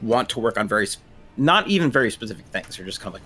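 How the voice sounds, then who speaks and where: A man's voice: lowish voice, very animated, rapid-fire, sharp tone, faint music behind. A man in his thirties, a therapist, talking casually and hesitantly with many restarts. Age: 30s. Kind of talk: casual discussion.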